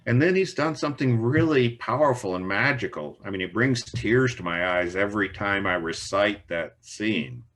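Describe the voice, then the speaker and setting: A middle-aged man, a Jungian analyst being interviewed, speaking in a slow, reflective way and recounting case stories. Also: fairly low pitch, lively intonation, a bit bright. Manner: slow, reflective, storytelling with quoted dialogue. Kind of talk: thoughtful interview conversation.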